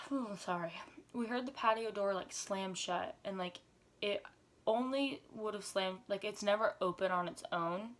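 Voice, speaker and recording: A young adult woman vlogger retelling a story, with lots of fillers, in a lively chatty way. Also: mid-range voice, normal speed. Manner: animated retelling, frequent "like" fillers. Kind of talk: story time vlog.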